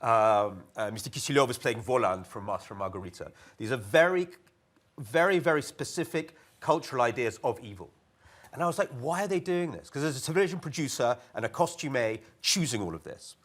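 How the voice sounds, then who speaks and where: A man on a conference panel, talking in a wry and lively way. He often slips into mock voices to quote other people. His pitch sits in an ordinary middle range. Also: a little fast. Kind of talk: panel discussion remarks. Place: conference hall.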